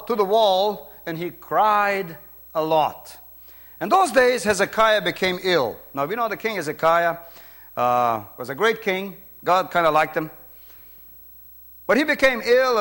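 Brief: middle-aged Brazilian-accented male pastor, high voice, emphatic sermon delivery with quiet asides. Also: lively intonation, measured pace. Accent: Brazilian Portuguese. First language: Portuguese. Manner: emphatic, swings between loud preaching and quiet asides.

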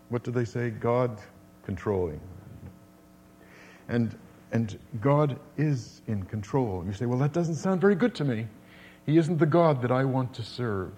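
A man's voice: medium pitch, darkish tone. An older man preaching a sermon, earnest and repeating phrases for emphasis, rising to emphatic declamation when quoting scripture.

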